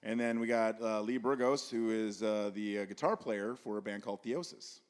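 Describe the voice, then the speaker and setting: A man's voice: lowish voice, fairly even intonation, moderate pace. A man hosting a casual podcast at a house party, laid-back, laughing often and swearing casually. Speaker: podcast host.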